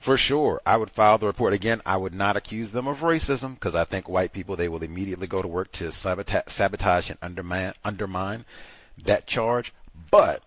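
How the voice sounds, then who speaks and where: A low-pitched man hosts a call-in advice show, speaking emphatically and with animation. His voice sounds dry and close, with no room around it. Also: a little fast, no echo. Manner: animated, emphatic, acts out other people mockingly. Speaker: host.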